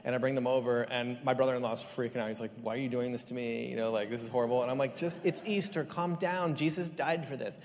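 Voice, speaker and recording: A man preaching a sermon, telling funny family stories and pressing his point with lively emphasis. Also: mid-range voice, fast talker, hardly any pauses, crowd noise. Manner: lively, joking, rising to animated emphasis. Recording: long hall reverb.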